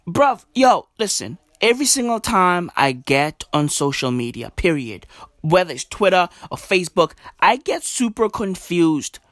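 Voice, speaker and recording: A young man rants to camera at an unhurried, drawn-out pace. He swears freely and talks in slang, sounding exasperated. His voice sits fairly high, and the recording is close and dry with no room sound. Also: very animated, a bit bright, no echo. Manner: drops to low mutters and jumps up high for emphasis. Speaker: vlogger. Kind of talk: casual ranting commentary.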